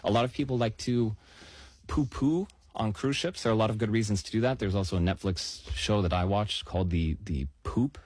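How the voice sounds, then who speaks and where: A man explaining a news story on a talk show in a measured way, stressing key words. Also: lowish voice, darkish tone, husky, no room sound.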